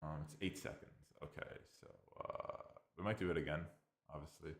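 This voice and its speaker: Low-voiced Irish man thinking aloud. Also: fairly even intonation, moderate pace, gravelly, reverberant. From Ireland. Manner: hesitant and mumbling, thinking aloud with many fillers. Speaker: tech reviewer. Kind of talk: casual screen-recorded software walkthrough.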